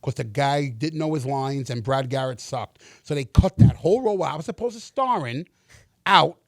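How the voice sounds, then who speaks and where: Middle-aged man, interview guest, animated storyteller, acts out voices, swears, dry close sound. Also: medium pitch, normal speed, dry recording. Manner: animated, acts out quoted dialogue, swears freely.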